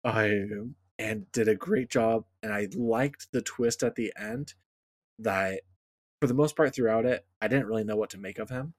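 A man's voice: on the low side, moderate pace, no room sound. A man co-hosting a casual podcast chat about a fantasy show, easygoing and thinking aloud with chuckles. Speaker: podcast co-host.

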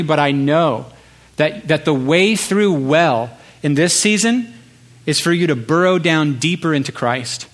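An impassioned male pastor delivering a sermon. His voice sits fairly high, and he builds his points through repeated phrases broken by pauses. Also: a bit bright. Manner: impassioned, rhetorical repetition with pauses.

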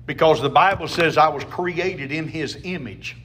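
A man's voice: fairly high pitch, moderate pace, a bit bright, a little hiss or hum. A man preaching a sermon as a pastor, emphatic, with call-and-response to the congregation.

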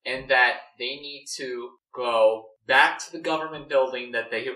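A young man brainstorms a story out loud. He rambles with plenty of fillers and eager restarts. His voice is bright, and the mic sits far off in an echoing room. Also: medium pitch, a little slow. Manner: rambling, filler-heavy, animated. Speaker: story co-writer. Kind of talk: casual brainstorming chat. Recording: roomy, distant mic.

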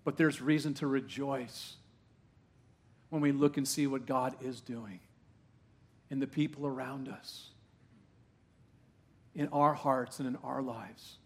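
A man preaching a sermon to a live congregation in a church, in a conversational style full of questions, swinging from hushed asides to loud, rising exclamations. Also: mid-range voice, fairly even intonation, slow, long pauses, husky. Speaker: pastor.

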